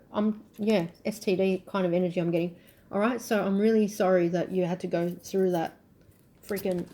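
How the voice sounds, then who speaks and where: A woman's voice: mid-range voice, warm tone. A woman reading tarot to camera, emphatic and thinking aloud, often repeating her phrases. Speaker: tarot reader.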